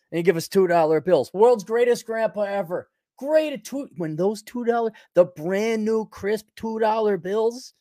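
A man's voice: a little high, darkish tone, no room sound, clean studio sound. A middle-aged man hosting his own podcast, talking in a rambling, sarcastic, opinionated monologue full of restarts and chuckles. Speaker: podcast host.

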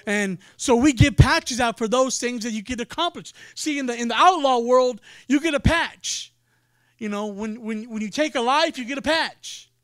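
A man preaching, telling a story in an animated way and acting out the people in it. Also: extremely high pitch, moderate pace, no room sound, studio quality. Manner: animated storyteller, acts out quoted voices. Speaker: pastor. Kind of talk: sermon storytelling.

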